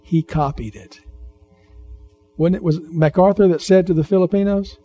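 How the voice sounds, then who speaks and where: A man's voice: high voice, steady tone, normal speed, mellow, soft background music. A man preaching a sermon as pastor, conversational, repeating phrases and questioning the congregation.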